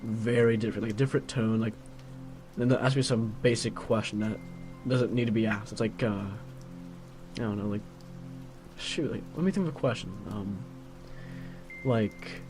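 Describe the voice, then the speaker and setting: A teenage guy rambles on in a casual, grumbling monologue, filling every pause with "like." His pitch sits mid-range for a man. Soft lo-fi music plays faintly behind him. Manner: grumbling, filler-heavy with constant "like". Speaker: vlogger.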